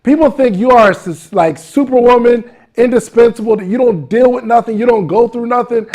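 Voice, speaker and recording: A man hosting a podcast who talks in an excitable, slangy way and says "yo" a lot. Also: very high voice, brisk. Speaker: podcast host. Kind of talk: casual interview talk.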